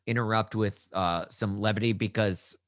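A man's voice: fairly low pitch, fairly even intonation, moderate pace, dry recording, clean studio sound. A man co-hosting a sports podcast, joking and teasing in a rambling way with many restarts. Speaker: podcast co-host. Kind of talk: casual sports podcast chat.

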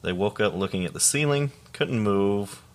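Speaking at a normal pace in a lowish voice, this young man co-hosts a podcast and reads listener stories aloud with a relaxed, deadpan delivery. He swears freely and laughs every so often.

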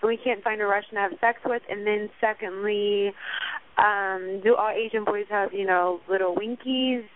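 A woman's voice: mid-range voice, steady tone, moderate pace. Cheeky woman caller over a phone line. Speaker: caller leaving a voicemail. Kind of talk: voicemail message.

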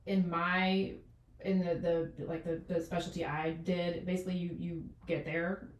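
Woman, 40s, doctor, casual chat, rambling with fillers, lowish voice, echoey room. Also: flat delivery, moderate pace, far from the mic. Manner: rambling, many fillers and restarts. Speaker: doctor, podcast guest.

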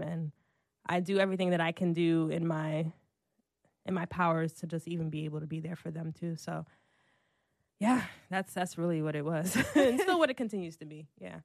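A woman's voice: fairly low pitch, a little mellow, dry recording, clean studio sound. A woman in her thirties in a casual, heartfelt conversation, chatty, leaning on "like" a lot and laughing often. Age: 30s.

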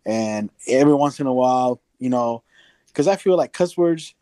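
Dark-voiced rambling man on a podcast. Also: medium pitch, expressive, normal speed, dry recording. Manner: rambling with many restarts, swears casually. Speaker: podcast co-host. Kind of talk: casual podcast chat.

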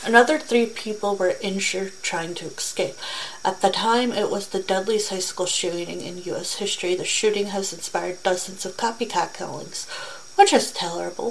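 A young woman in a casual vlog, moving between reading facts aloud and earnest personal comments. She talks haltingly, with fillers and restarts, at a mid pitch with faint noise behind her. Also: gravelly, rough recording.

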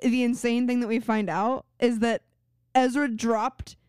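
A woman's voice: fairly high pitch, steady tone, measured pace, a little mellow, clean tone, no echo. A woman co-hosting a podcast, making dry, wry remarks in casual chat about a TV episode. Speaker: podcast co-host. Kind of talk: casual chat recapping a TV show.

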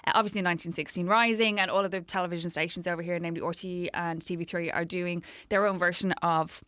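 An Irish woman co-hosting a podcast, telling a story in quick, chatty casual talk. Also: on the low side, steady tone, fairly bright tone, no room sound. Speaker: podcast co-host. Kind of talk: casual chat.

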